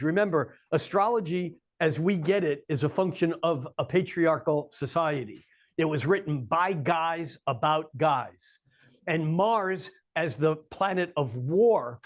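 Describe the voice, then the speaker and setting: A man giving a live astrology talk to an audience in a coffeehouse, with wry joking asides. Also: fairly high pitch.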